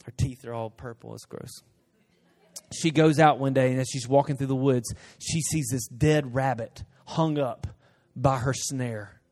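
A man preaching a sermon, dropping to a hush and then rising to loud emphasis, acting out short dialogues in different voices. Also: medium pitch, unhurried. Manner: swings from hushed to loud, emphatic. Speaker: pastor.

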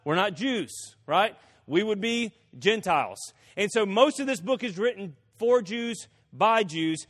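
A male pastor preaching a sermon, telling stories with quick folksy asides. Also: high voice. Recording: long reverb of a hall.

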